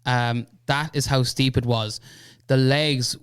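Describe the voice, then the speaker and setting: A young Irish man, a podcast guest, telling a long anecdote in casual chat, animated and peppered with "right?" and "you know". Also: medium pitch, slow, clean tone, no echo, studio quality. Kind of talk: casual storytelling.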